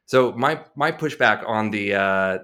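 A man's voice: on the low side, animated, unhurried, bright, forceful tone. A man co-hosting an advice podcast, pushing back thoughtfully with frequent hesitations. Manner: thoughtful, hesitant, lots of fillers and restarts. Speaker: podcast co-host. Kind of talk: conversational podcast debate.

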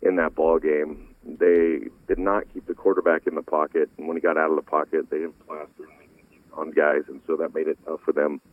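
Man, deep voice, football analyst, phone-quality sound, dry. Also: fairly quick, dry recording. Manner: animated, repeats words when restarting. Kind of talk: sports radio film breakdown. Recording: tinny phone-like line.

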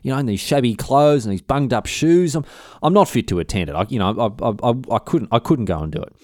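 A man with an Australian accent voicing a sly, fawning male would-be assassin who wheedles and stammers softly. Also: mid-range voice, expressive, a little fast, no echo, studio quality, lightly acted. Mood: pleading.

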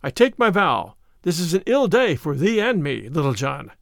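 A man's voice: fairly high pitch, very animated, moderate pace, gravelly, dry recording, studio quality. A man voicing a proud, bruised male outlaw leader in a storybook reading, speaking in hearty, archaic phrases.

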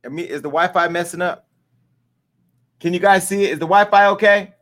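Bright-voiced man hosting a commentary show. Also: high voice, brisk. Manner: candid, emotional, talks straight to viewers. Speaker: host.

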